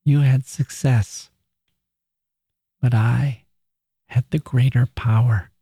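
A man voicing a frail, proud dying woman writer who speaks in a soft, earnest whisper, recorded dry and close. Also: mid-range voice, fairly even intonation, slow, husky, no room sound, full character voice. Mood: wistful.

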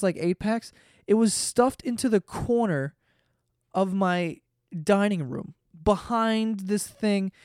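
A man's voice: sits high, no room sound, studio quality. A man hosting a podcast, telling a rambling, profane story in a casual monologue. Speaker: podcast host.

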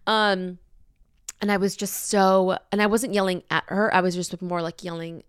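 Woman host, 30s, casual and unfiltered, smooth tone, dry recording. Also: lowish voice, steady tone, normal speed, dry recording. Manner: rambling, candid, swears freely. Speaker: podcast host. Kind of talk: casual chat.

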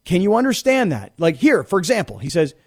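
A male sports radio host in his studio, giving an opinionated monologue. His voice sits a bit high and swings widely, and he repeats himself as he pushes each point home. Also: huge pitch swings, fairly quick, a little mellow. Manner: emphatic, repeats words when worked up.

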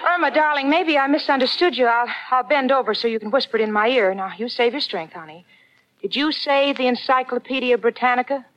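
A woman's voice: high-pitched, a little fast, fairly bright tone, no room sound, highs cut off. An actress playing an anxious, doting young woman who also narrates, in a 1940s radio comedy. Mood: fretful. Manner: fretful, doting.

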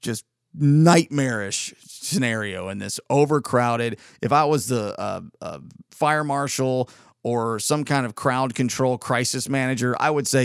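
A man's voice: medium pitch, a little slow, vocal fry, smooth, no room sound, clean studio sound. A man talking in a casual, rambling monologue, exasperated and full of restarts.

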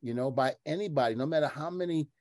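A middle-aged former wrestler telling stories in a casual chat, animated and laughing often, swearing now and then. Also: male voice, on the high side, fast talker, no room sound. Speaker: former pro wrestler, guest.

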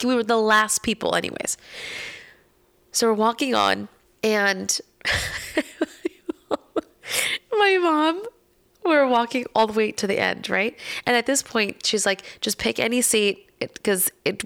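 A woman in casual podcast chat, telling a story with lots of laughter and acted-out voices. Her voice has a gravelly edge of vocal fry, at an even middle pitch. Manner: animated, laughs often, acts out quoted voices.

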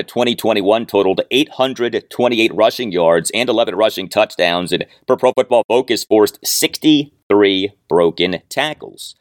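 Deep-voiced man with lively delivery. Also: no echo, studio quality. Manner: detailed, stat-heavy analysis with frequent "uh" openers. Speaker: podcast host. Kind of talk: solo sports podcast commentary.

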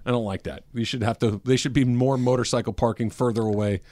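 A man's voice: medium pitch, steady tone, fast talker, a little mellow, no echo, studio quality. Laughing man co-hosting a radio show. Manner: laughs often, reads listener questions aloud. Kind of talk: casual sports radio banter. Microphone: studio microphone with headphones.

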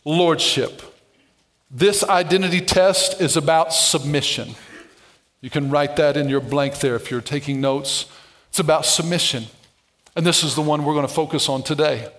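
A man preaching a sermon as pastor to a congregation, playful and dynamic, moving between soft asides and shouted emphasis. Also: a little high, fairly even intonation, moderate pace. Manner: playful, with humorous asides and call-outs to the congregation.

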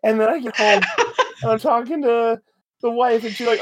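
A man with a high voice chats casually on a podcast. He rants in playful, exaggerated outrage and laughs through his words. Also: normal speed, background noise. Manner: animated, exaggerated ranting, laughing while talking. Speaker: podcast co-host. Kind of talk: casual chat.

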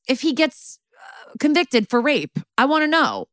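A woman's voice: high voice, very animated, unhurried, a bit bright, no echo, clean studio sound. A woman co-hosting a podcast, reacting and chatting casually and laughing easily. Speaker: podcast co-host.

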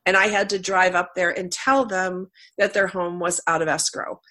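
A woman's voice: lowish voice, fairly even intonation, moderate pace, bright, forceful tone. A middle-aged woman hosting a radio talk show, who has a cold and tells stories chattily, laughing often. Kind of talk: casual interview chat.

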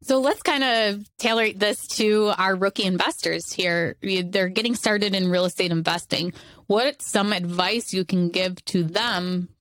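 A woman's voice: mid-range voice, a little slow, a bit bright, no room sound. A woman co-hosting a podcast, asking the guest guiding questions in a conversational tone. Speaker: podcast co-host. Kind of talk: interview questions.

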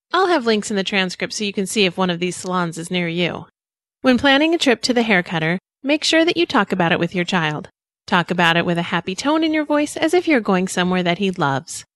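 A woman's voice: medium pitch, dry recording, studio quality. A woman in her thirties hosting a parenting podcast, reading friendly scripted narration.

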